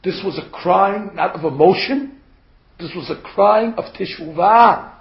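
A man's voice: high voice, measured pace. A man giving a Torah class to a group of women, earnest and emphatic, asking rhetorical questions and pressing hard on key points. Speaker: Torah teacher. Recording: echoey room, dull lo-fi sound.

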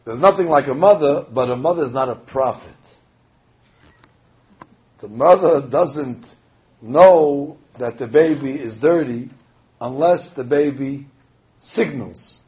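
A man, a rabbi, preaching a sermon with animated storytelling, acting out the voices he quotes. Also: medium pitch. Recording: dull lo-fi recording.

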